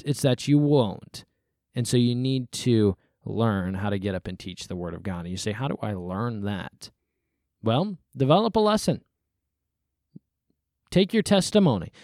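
A man talking in a folksy, preacherly way at a middle pitch, slipping into a higher voice to act out excuses. The sound is dry and close, with no room around him. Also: darkish tone, no room sound. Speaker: pastor. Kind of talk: casual sermon-style podcast talk.

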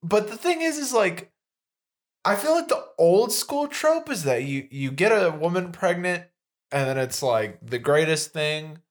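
A man's voice: high-pitched, sing-song, a little slow. Brief: young male co-host, wry and incredulous, voice rising and falling a lot. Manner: incredulous reactions, wry jokes. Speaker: podcast co-host. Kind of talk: casual podcast chat.

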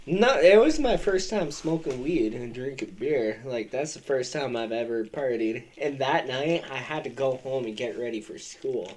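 A man's voice: mid-range voice, expressive, normal speed, hardly any pauses. A man hosting a podcast, telling a rambling, profane story and laughing as he goes. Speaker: podcast host. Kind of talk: casual storytelling.

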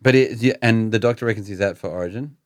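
A young Australian man chatting about the game in a low voice, easy and loose, cursing in passing. The recording is dry and close, with no room sound. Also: quick pace, dry recording. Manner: chatty, swears casually, reads out tweets. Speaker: podcast co-host. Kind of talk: casual chat about rugby league.

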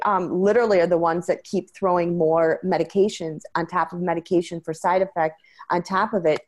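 A woman speaks as an interview guest in a somewhat low voice. Her talk is earnest and quick, dotted with fillers and restarts as she explains her views. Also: a little mellow. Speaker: interview guest, medication-transparency advocate. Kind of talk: conversational interview.

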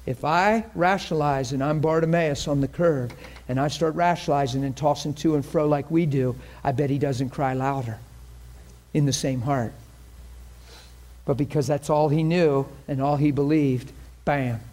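A man teaching a class on faith healing in a lively, conversational way, often acting out what people say and pray. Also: on the high side, normal speed. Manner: animated, acts out quoted prayers and voices. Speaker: ministry teacher.

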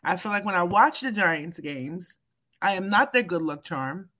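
A woman co-hosting a casual sports chat, talking loudly and emphatically, laughing often and swearing freely. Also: on the low side, animated, moderate pace. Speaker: podcast co-host.

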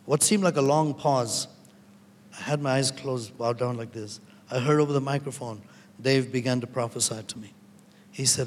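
Male preacher, earnest testimony delivery, mid pitch, long hall reverb. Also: moderate pace, slight background noise. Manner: earnest storytelling, often quoting others. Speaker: guest preacher. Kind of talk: sermon with personal testimony.

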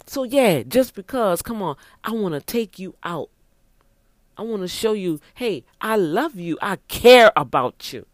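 A man's voice: sits high, sing-song, a little slow, no echo, clean studio sound. A man giving casual, preachy relationship advice to other men, emphatic and repetitive, often restarting his sentences. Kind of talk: casual motivational talk.

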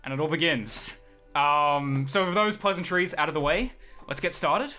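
A man running a tabletop game podcast as game master, chatty and quick to laugh. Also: a little high, soft background music. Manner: animated, laughs often.

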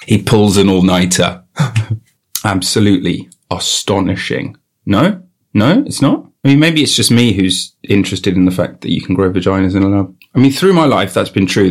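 A man's voice: low voice, animated, moderate pace. A man hosting a comedy podcast into a studio mic, riffing playfully and repeating bits in silly voices. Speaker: podcast host. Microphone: studio microphone.

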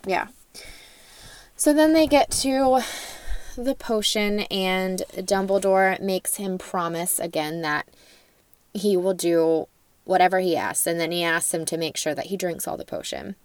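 A young adult woman co-hosting a podcast, talking about a book in a relaxed, reflective way. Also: lowish voice, a little slow, dry recording. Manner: relaxed, reflective, filler-heavy. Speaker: podcast co-host. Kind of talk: casual book discussion.

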